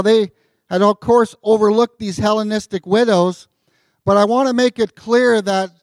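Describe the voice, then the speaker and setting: A pastor delivers a sermon in an easygoing, chatty manner, reading scripture and explaining it with filler words and jokey asides. His voice is high-pitched, and the recording is clean studio sound with no echo.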